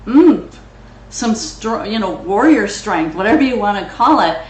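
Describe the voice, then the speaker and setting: A woman's voice: medium pitch, lively intonation, unhurried, a little mellow. Frank motivational woman host, echoey room. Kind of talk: coaching talk.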